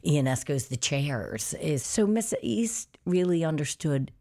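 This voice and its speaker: Woman, middle-aged, from New Orleans, expressive, laughs often, animated storyteller, interview guest. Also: low-pitched, a little slow. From New Orleans, USA. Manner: expressive, laughs often, acts out quoted voices. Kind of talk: casual interview chat.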